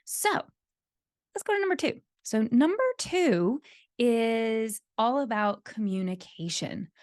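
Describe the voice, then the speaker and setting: A woman's voice: mid-range voice, darkish tone, no room sound, studio quality. A woman hosting a solo podcast who coaches leaders, speaking earnestly and repeating her key points for emphasis.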